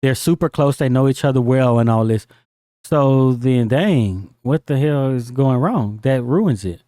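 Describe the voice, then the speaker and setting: A man co-hosting a casual film discussion, relaxed and slangy, putting questions to his co-host. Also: medium pitch, unhurried, dry recording, studio quality. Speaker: podcast co-host.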